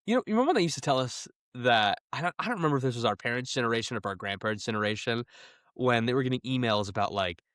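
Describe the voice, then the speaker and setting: A young man chatting as a podcast co-host, his voice swinging up and down as he talks. He is animated, laughs easily and drops quick asides. The sound is dry and close, with no room echo. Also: medium pitch. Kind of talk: casual chat.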